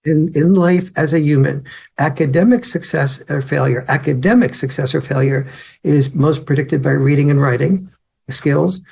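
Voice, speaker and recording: A man with a gravelly, husky voice rambles through a long answer, full of restarts and fillers. He often slips into the voices of family members as he tells his story. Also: on the high side, normal speed, a little mellow. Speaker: author and guest. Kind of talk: interview answer.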